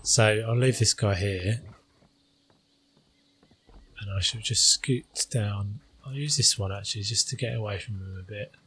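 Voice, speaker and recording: A man's voice: lowish voice, unhurried, long pauses, a bit bright, a little hiss or hum. A man hosting a gaming channel, talking through his gameplay in a casual, hesitant way with many fillers.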